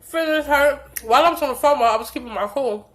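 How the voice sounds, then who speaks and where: Slightly congested from allergies, a young female vlogger shares a storytime that's blunt and full of profanity, acting out much of the dialogue with animation. She speaks a little fast in a high-pitched voice.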